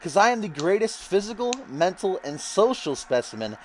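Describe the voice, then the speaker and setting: A man voicing an arrogant, boastful wrestler cutting a promo, with a cocky, grandiose, drawn-out delivery. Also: high-pitched, very animated, slight background noise, pitched above the performer's own voice.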